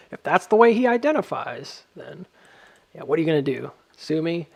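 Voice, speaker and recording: A man's voice: on the high side, very animated, measured pace, vocal fry, breathy edge. A man giving casual stock chart commentary, rambling with lots of ums and laughing at his own jokes.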